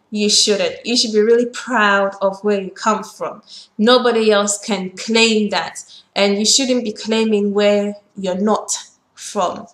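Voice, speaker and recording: Emphatic woman vlogger in an echoey room. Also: medium pitch. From Ghana. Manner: emphatic, lecturing directly to viewers. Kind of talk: opinion vlog to camera.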